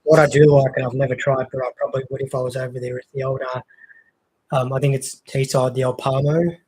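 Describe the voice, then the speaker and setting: A man's voice: medium pitch, flat delivery, fast, darkish tone, slightly rough, poor audio. A young man chatting casually on a stream, rambling with lots of fillers. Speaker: co-host of a cricket watchalong stream. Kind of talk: casual chat.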